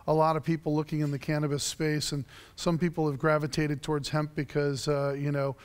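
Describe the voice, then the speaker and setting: A man on a panel answering audience questions, halting and leaning on filler phrases. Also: on the high side, little pitch movement, clear, resonant tone. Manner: halting, many 'you know' fillers. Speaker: panelist, hemp advocate. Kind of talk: panel discussion.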